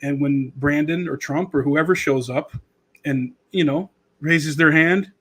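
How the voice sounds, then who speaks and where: A man's voice: on the high side, a little slow, a bit bright, husky. Rambling sarcastic male podcast host. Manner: rambling, sarcastic, does mocking impressions. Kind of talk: casual political commentary.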